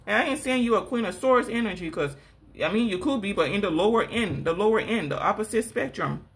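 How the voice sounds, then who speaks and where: A woman's voice: medium pitch, brisk. A woman doing a spiritual tarot reading, scolding and sassy, calling people girl and laughing between lines. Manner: addresses the viewer as girl. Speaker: tarot reader.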